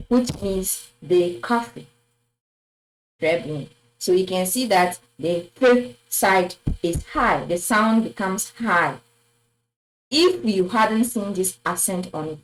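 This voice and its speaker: A woman's voice: mid-range voice, animated, slow pace, low-quality recording. A woman teaching a French lesson at a board, patiently repeating words and praising with "très bien". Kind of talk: slow classroom lesson at a board. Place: classroom with a board.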